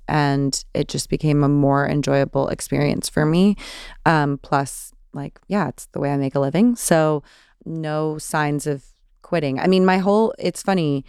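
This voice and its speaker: Chatty Californian woman with vocal fry. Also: low voice, a little mellow, dry recording, clean studio sound. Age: 30s. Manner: chatty, many fillers and restarts. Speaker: podcast host. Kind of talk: casual solo Q&A.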